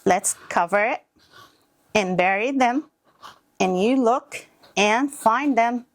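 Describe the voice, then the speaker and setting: A woman teacher showing a toddler play activity, speaking in slow, simple, encouraging words. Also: on the high side. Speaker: early childhood teacher.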